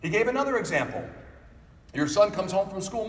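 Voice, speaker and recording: A middle-aged man giving a motivational keynote speech, animated, acting out family members in quick voices. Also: high voice. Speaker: keynote speaker. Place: large hall. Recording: echoey hall from far off.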